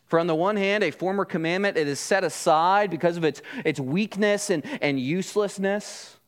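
A man's voice: sits high, moderate pace, clear, resonant tone. A man, a pastor, preaching a sermon and explaining scripture, often checking in with rhetorical questions.

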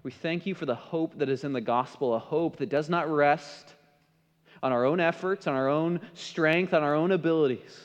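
A male pastor preaches with passion, his voice sitting a little high and swinging from ringing emphasis to soft, hushed lines. The sound is slightly muffled and lo-fi, carried by a long reverb that trails off the walls of a large hall. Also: moderate pace. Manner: impassioned preaching that drops to a hushed close. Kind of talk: sermon.

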